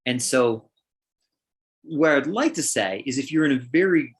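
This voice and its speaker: A man's voice: mid-range voice, lively intonation, measured pace, breathy edge. A middle-aged man on a livestream answers questions as a counselor. He is thoughtful and often restarts his sentences. He acts out examples of how people talk. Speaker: counselor guest.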